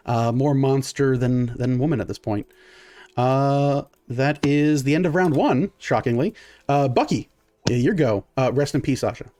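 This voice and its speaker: A man's voice: mid-range voice, normal speed, mellow. A man running a tabletop game as game master, narrating casually with lots of fillers and counting out dice rolls.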